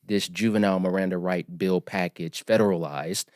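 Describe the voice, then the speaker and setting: A man in his forties, a podcast guest, telling his story in an earnest, emphatic, measured way. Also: low voice, fairly even intonation, darkish tone, no room sound, clean studio sound. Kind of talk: storytelling interview.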